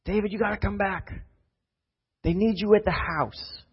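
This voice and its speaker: A man voicing an urgent messenger who calls out loudly in a high, strained voice. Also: normal speed, breathy edge. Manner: shouting, high-pitched calls. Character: urgent messenger calling out, male. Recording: dull lo-fi sound.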